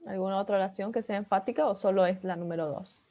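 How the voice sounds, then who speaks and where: A woman's voice: medium pitch, fairly even intonation, very fast, mellow, muffled recording. Bilingual woman teaching an English class. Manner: explains in English, then repeats in Spanish.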